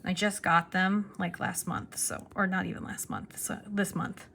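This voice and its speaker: A young woman chatting excitedly in a casual show-and-tell vlog, restarting her sentences as she goes. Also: lowish voice, moderate pace, gravelly, background noise. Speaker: pen vlogger.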